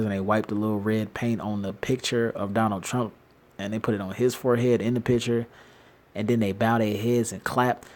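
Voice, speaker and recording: Guy ranting off the cuff into his phone, slangy, laughs a lot, keeps restarting. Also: fairly low pitch. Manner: animated, slangy, laughs often, restarts sentences. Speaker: commentator. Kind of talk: casual rambling commentary. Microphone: phone screen-recorder app.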